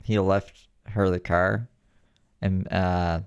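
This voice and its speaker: A man with a fairly low voice comments on a clip as it plays. His remarks are casual and offhand, dropped in as quick asides. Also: flat delivery, smooth, no room sound, clean studio sound.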